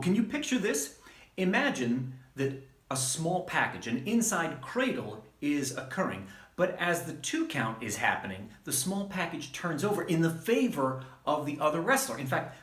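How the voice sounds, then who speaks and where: Male wrestling coach, mid-high voice with animated pitch, teaching in an echoey room. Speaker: wrestling trainer. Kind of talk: instructional talk to camera. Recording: roomy echo.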